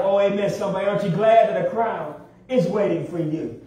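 A man preaching a sermon in a church, with call-and-response and drawn-out emphasis. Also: high-pitched, dark tone. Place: church sanctuary. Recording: very echoey hall, distant mic.

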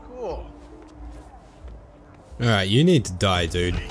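Excitable joking man narrating gameplay. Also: slow pace, pauses often. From Australia. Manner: jokey, excitable, swings into sudden high yelps. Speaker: gaming YouTuber. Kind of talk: let's play commentary.

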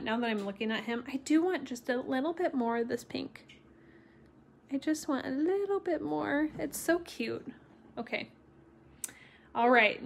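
Slow-talking woman teaching watercolor. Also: fairly high pitch, fairly bright tone. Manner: chatty and encouraging, reads viewer comments aloud and laughs often. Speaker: watercolor stamping instructor. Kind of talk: live-streamed craft tutorial.

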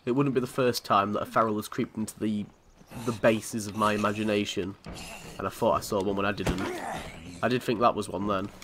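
A man's voice: lowish voice, steady tone, brisk, a bit bright, slight background noise. A man from commentating on a video game in a chatty, sweary way, often laughing. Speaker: gaming channel host.

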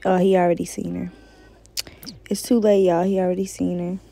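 A woman's voice: fairly low pitch, level tone, moderate pace, creaky, dark tone, low-quality recording. A woman giving casual, slangy commentary while playing a game and talking to her viewers. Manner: slangy, chatty, talks to viewers. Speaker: gamer.

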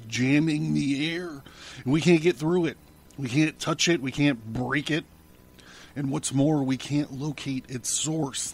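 Man reading as a worn out scared engineer, stammery and soft. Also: mid-range voice, gravelly, husky, exaggerated voice. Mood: sullen. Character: frightened weary male chief engineer.

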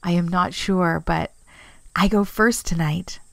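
An eager little girl in a storybook, bouncing with excitement as she speaks, read aloud by a woman. The voice sits low and moves slowly. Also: vocal fry, no room sound. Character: excited little girl who loves to play.

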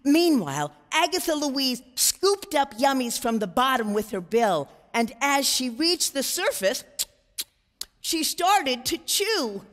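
A woman reading a children's storybook aloud in a concert, with expressive, animated storytelling. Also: sits high, slow, long reverb tail.

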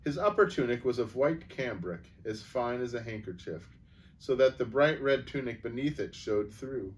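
A man reading a children's book aloud as a storyteller, in a calm, measured way. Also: mid-range voice. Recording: voice from a distance.

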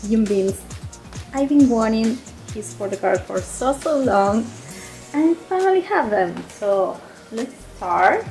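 A young woman from Argentina, casually chatting through an unboxing as a gushing, excitable fan who giggles and says "um" often. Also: fairly high pitch, rough recording. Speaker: vlogger. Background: faint background music.

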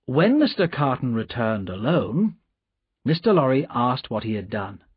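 Slow, husky male audiobook narrator. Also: medium pitch, big pitch swings, no room sound. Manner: slow, measured reading. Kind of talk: scripted narration. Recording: dull, dry audiobook recording.

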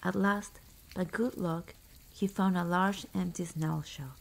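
A woman reading a fairy tale aloud as a whispered ASMR bedtime story, soft and hushed. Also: on the low side, steady tone, slow pace, creaky, poor audio.

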